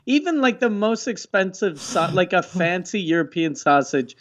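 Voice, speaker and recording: A man's voice: high-pitched, sing-song, moderate pace, fairly bright tone, highs cut off. A man co-hosting a comedy podcast, telling profane, laid-back stories in casual chat. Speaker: podcast co-host.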